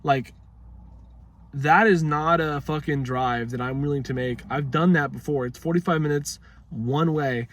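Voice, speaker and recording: A man's voice: fairly high pitch, slight background noise. A young man talking casually to his vlog audience, rambling and swearing freely in a laid-back way. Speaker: vlogger.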